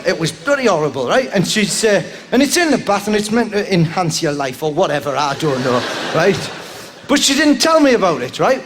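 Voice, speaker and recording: A man doing a live stand-up routine, rambling and tagging lines with "right?", breaking into sudden shouts. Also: sits high. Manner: bursts into shouts. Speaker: stand-up comedian. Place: live comedy venue with audience. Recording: live show with crowd noise.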